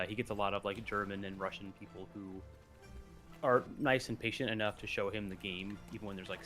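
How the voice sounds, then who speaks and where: A man chatting casually as a stream co-host, rambling with many fillers and restarts. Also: on the low side. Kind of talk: casual chat.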